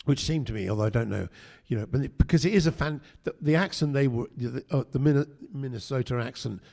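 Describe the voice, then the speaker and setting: A man's voice: medium pitch, fast, gravelly, a little mellow. An older man, a guest actor, telling chatty anecdotes at a convention panel interview, with frequent restarts. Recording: echoey hall.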